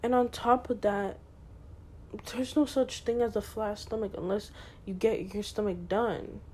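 A woman's voice: medium pitch, fairly even intonation, unhurried, a little mellow, slight background noise. A teenage girl hosting her own podcast, talking candidly in a slangy, chatty way with lots of fillers. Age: teens. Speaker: podcast host. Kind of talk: casual solo podcast chat.

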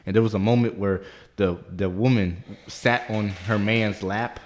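A man co-hosting a podcast, telling a profane, animated story and leaping into high squeaky voices when he quotes people. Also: normal speed, a little hiss or hum. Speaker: podcast co-host. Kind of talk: casual storytelling chat.

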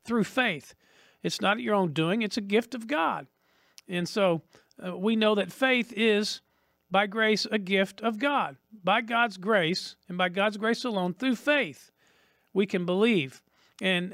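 A man's voice: high-pitched, a bit bright, no echo, clean studio sound. A man preaching a sermon as a pastor, earnest and repetitive, rising to emphatic peaks.

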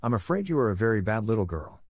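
A strict, sharp-tongued older spinster speaks in a brisk, scolding manner, as a man reads her part. The voice sits fairly low and is recorded close and dry. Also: big pitch swings, slightly rough, dry recording, heavily acted. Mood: stern.

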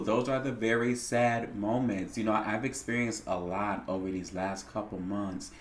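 A man's voice: fairly low pitch, fairly even intonation, moderate pace, few pauses. A man hosting a casual solo podcast, speaking in a candid, reflective way with a lot of swearing. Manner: candid and heavily profane, reflective. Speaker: podcast host. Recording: roomy echo.

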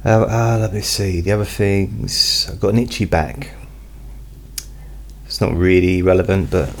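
Man, very deep voice, unhurried rambling home chat, mic behind a pop filter. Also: little pitch movement. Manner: slow, meandering and rambling, with many fillers. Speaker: hypnotist host. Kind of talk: casual personal update. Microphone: studio mic with pop filter, not close.

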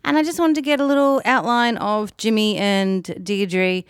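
A woman's voice: fairly even intonation, normal speed, clear, resonant tone, no room sound, studio quality. Giggly woman podcast co-host. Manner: playful, giggly, swoops into silly high voices. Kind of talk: casual banter. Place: home, with dogs nearby.

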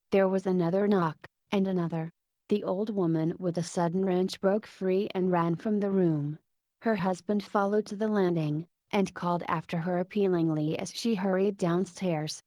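A woman reading a story aloud in a steady, measured narration. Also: on the low side, no echo.

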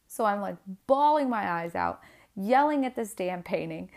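A woman in her twenties, a single mother, telling a personal story candidly and with feeling, her voice climbing higher and louder whenever she gets worked up. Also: moderate pace. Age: 20s. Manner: candid and animated, rising in pitch and loudness when upset, many restarts. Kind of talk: emotional personal storytelling to camera.

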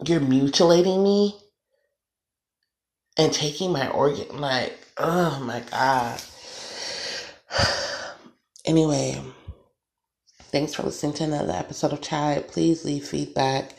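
Solo podcaster venting; gravelly, heated and repetitive delivery, recorded in an echoey room. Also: mid-range voice, slow, pauses often. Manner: emphatic, repetitive, swearing. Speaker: podcast host. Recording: roomy echo.

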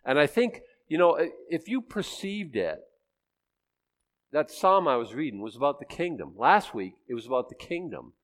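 A man's voice: fairly high pitch, sing-song, moderate pace, fairly bright tone. A man in his sixties giving a conversational sermon as pastor, chatting with the congregation and poking fun at himself. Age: 60s. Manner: chatty, asks the congregation questions, self-teasing.

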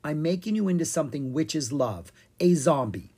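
A reader voicing a clever, brisk young female dragon in a children's storybook. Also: mid-range voice, expressive, warm tone, husky. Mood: bossy.

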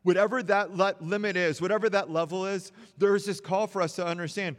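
A man's voice: high-pitched, a little fast, in a large hall. A man preaching a sermon in an earnest, encouraging way, repeating phrases for emphasis. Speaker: pastor.

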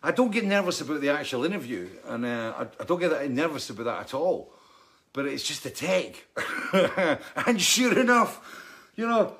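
A man's voice: a little high, normal speed. Chatty man telling a story. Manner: animated storyteller, laughs and coughs between phrases. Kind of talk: casual rambling monologue.

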